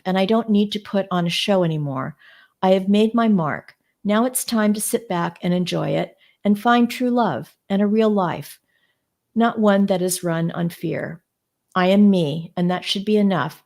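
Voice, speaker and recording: A woman on a book club panel, reading a memoir aloud in a steady, measured way. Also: lowish voice, creaky.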